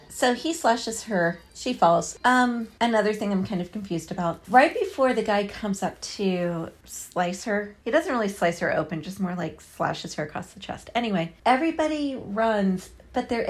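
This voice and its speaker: A woman's voice: medium pitch, slightly rough. A woman casually recapping a movie scene by scene, with wry, sarcastic asides and frequent laughter.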